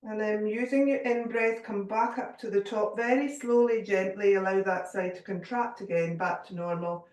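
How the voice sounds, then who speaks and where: A woman guiding a yoga class, giving calm, gentle cues with a little humour. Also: mid-range voice, normal speed, few pauses, far from the mic. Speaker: yoga teacher. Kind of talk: guided yoga class instruction. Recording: echoey room, voice from off mic.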